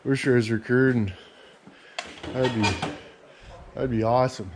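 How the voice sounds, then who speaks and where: A man's voice: mid-range voice, fairly even intonation, a little slow. A man vlogging casually about fixing engines, joking and rambling with some swearing. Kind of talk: casual garage chat. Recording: loud outdoor noise.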